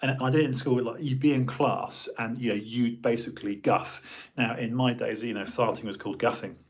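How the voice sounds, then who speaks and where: Husky-voiced British man rambling on. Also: mid-range voice. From United Kingdom. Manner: chatty, animated, jokey, many restarts. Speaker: live streamer. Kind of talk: casual rambling monologue.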